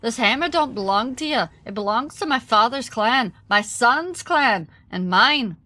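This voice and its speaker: A woman's voice: on the high side, expressive, a little slow, sharp tone, no room sound. A woman voicing a stern, proud dwarf queen with a light put-on Irish accent, reading quest dialogue aloud in character. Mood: defiant.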